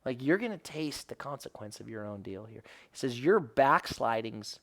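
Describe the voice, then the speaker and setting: A man's voice: mid-range voice, animated, normal speed, vocal fry. A man as a rabbi giving an earnest devotional Bible teaching, rising to emphatic questions and often correcting himself mid-phrase.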